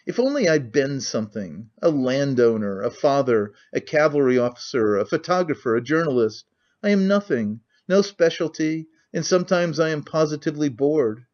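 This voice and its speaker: A man's voice: a little high, animated, normal speed, a little mellow, close to an everyday voice. A man voicing a cynical, talkative middle-aged nobleman who rambles with languid candor, on a muffled lo-fi recording.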